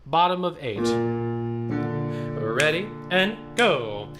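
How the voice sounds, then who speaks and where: A man's voice: on the high side, very animated, slow, loud music behind the voice. A man leading an online choir rehearsal, counting beats, speaking syllables aloud and singing lines for the singers to copy. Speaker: choir director.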